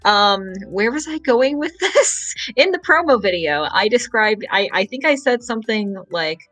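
A man's voice: high voice, lively intonation, bright, forceful tone, low-quality recording. Male podcast host, casual, rambles and stammers. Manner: rambling, stammering, quick to laugh. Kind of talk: casual chat.

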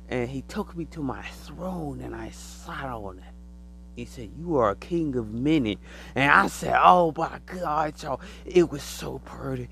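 Animated young man with gravelly voice. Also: mid-range voice, rough recording. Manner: animated, slangy, repeats phrases for emphasis. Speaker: podcaster sharing spiritual experiences. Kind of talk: casual monologue.

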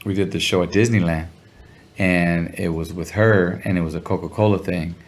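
Man, low gravelly voice, laid-back slangy storyteller, interview guest. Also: fairly even intonation, normal speed. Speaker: musician guest. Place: Los Angeles area.

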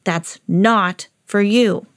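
A woman reading aloud, voicing a stern but loving woman scolding her dog in a children's story, slow and emphatic. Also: mid-range voice, no echo.

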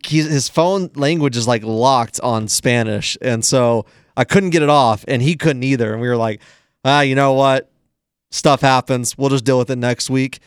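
A man's voice: medium pitch, smooth, no echo, studio quality. A man co-hosting a podcast in casual banter, laughing often and arguing his point. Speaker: podcast co-host. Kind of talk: casual chat.

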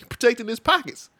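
A man co-hosting a podcast, chatting casually, joking and swearing freely. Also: sharp tone. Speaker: podcast co-host. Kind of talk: casual chat.

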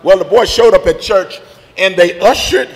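A man preaching a sermon, telling a story and then building to shouted call-and-response preaching. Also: sits high, normal speed. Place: church. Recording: reverberant church hall with faint music.

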